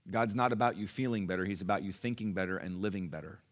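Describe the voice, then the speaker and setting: Middle-aged pastor, lower-pitched man, preaches with big swings from hushed to loud; emphatic sermon delivery. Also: fast. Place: church.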